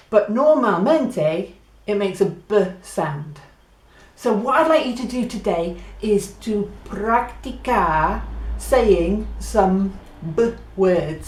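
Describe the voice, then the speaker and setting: A woman teaching a beginner Spanish lesson, mixing English with Spanish and repeating words slowly so learners can practise. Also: mid-range voice, darkish tone. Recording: echoey room.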